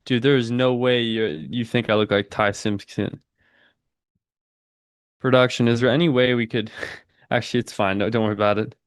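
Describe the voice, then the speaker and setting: A man's voice: medium pitch, fairly even intonation, normal speed, pauses often, clear, resonant tone, no room sound, clean studio sound. A young man in his twenties hosting a live trading stream, chatting casually in slang, saying "dude" a lot and answering chat while calling the market. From United States. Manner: laid-back slangy, says "dude" a lot, reads chat aloud. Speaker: livestream trading host.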